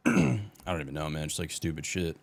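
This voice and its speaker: A man hosting a podcast, laid-back and swearing casually in relaxed chat. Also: a bass voice, normal speed, vocal fry. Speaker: podcast host.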